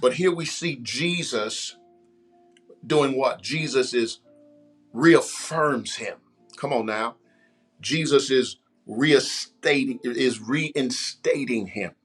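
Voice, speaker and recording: Faint music plays beneath a sermon delivered by a man with a medium-pitched, fairly bright voice that has a breathy edge. He speaks slowly, repeating phrases and addressing the congregation directly.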